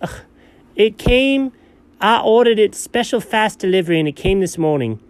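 A man playing a scatterbrained, excitable male buddy in comedy banter, jumping between low mumbles and sudden high yelps. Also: moderate pace, dry recording. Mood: goofy. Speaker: co-host.

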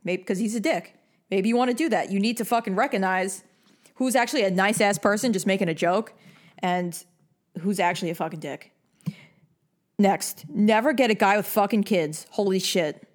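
A woman's voice: mid-range voice, normal speed. A young woman from New York giving blunt, bossy advice in a casual rant full of swearing. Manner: blunt and heavily profane; bossy, lecturing.

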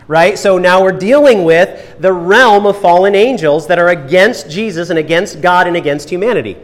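A young pastor preaching a sermon, animated, with playful asides and acted-out voices for the people in his stories. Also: high voice, moderate pace, hardly any pauses.

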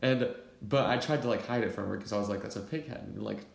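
Young man telling a lively story. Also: on the low side, fast, gravelly. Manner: animated storyteller, laughs often, many fillers. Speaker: podcast co-host. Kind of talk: casual storytelling chat. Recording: roomy echo.

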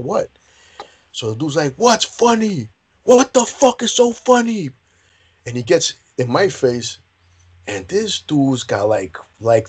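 A man with a slightly husky voice talks in relaxed, profane conversation. He tells stories about service life with lots of bro and man, sometimes bursting into loud shouted quotes. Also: medium pitch. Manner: profane, animated storyteller, says bro and man a lot. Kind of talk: casual chat, storytelling.

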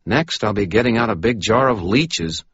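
A nervous, fussy little medical examiner, as a deep-voiced man puts him on, sputtering and exasperated, pitched well above the reader's own low, husky voice. The sound is dry and a little muffled, like a close audiobook recording. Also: expressive, normal speed, fairly bright tone, no echo, heavily acted. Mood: fussing. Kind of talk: audiobook character voice.

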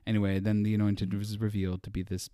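A man's voice: fairly low pitch, little pitch movement, quick pace, mellow, clean tone, no room sound, studio quality. A man co-hosting a casual podcast, rambling with lots of "like", swearing now and then and laughing easily. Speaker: podcast co-host. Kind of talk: casual chat.

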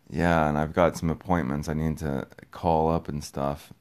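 At a normal speed with barely any pauses, a young podcast host with a very deep, clear, resonant voice talks in a rambling way to his listeners. He repeats phrases, circles back, and gets increasingly excited, and his easy swearing keeps things offhand.

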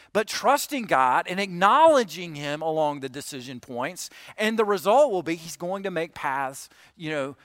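A pastor preaching a conversational sermon to a congregation, earnest and explaining through questions. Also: male voice, fairly high pitch, a bit bright, no room sound, clean studio sound.

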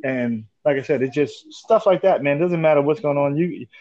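A man in his forties hosting a casual chat, telling animated stories, laughing often and swearing casually. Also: fairly high pitch, normal speed, no echo. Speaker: podcast host. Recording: dull lo-fi dry sound.

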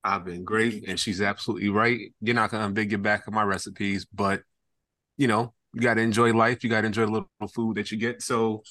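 Fast-talking frank man on a podcast. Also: fairly low pitch, steady tone, bright, forceful tone, dry recording, clean studio sound. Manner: frank, easygoing. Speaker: chef guest. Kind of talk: casual podcast chat.

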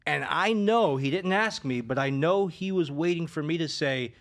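A man's voice: on the high side, animated, moderate pace, hardly any pauses. A man working as a sports betting advisor, telling stories in a casual chat, with many restarts and fillers.

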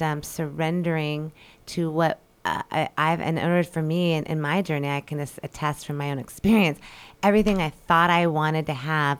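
A woman co-hosting a radio talk show, talking earnestly about spiritual growth in a casual, animated way from a radio studio. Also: low-pitched, clear, resonant tone. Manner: earnest, animated, builds ideas aloud.

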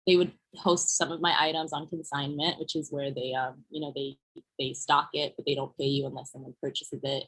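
A woman's voice: low-pitched, fairly bright tone, slightly rough, rough recording. A young woman designer telling her story in a casual podcast interview, full of fillers like "like" and "you know". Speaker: fashion designer guest.

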